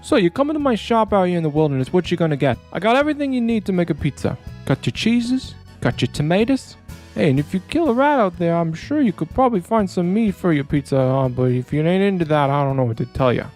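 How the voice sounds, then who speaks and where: A man's voice: high voice, lively intonation, fast talker, darkish tone, soft background music. A man playing a nervous pizza shop owner on the run in a comedy commercial skit. He rambles and stalls through excuses. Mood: shifty salesman.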